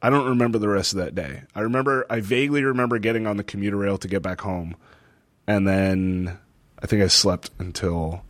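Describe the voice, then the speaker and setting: Speaking a little fast in a fairly low voice, this young podcast co-host lives in a northeastern US city. His storytelling in casual chat is lively, full of laughter and reenacted quotes, and the recording has no room sound.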